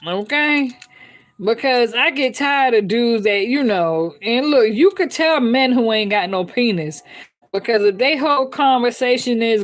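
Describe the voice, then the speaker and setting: A woman hosting a live stream, talking bluntly and with heavy swearing, laughing often and reading out viewer comments. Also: a little high. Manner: blunt, profane, laughs often, keeps checking in with listeners. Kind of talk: candid unscripted live-stream chat.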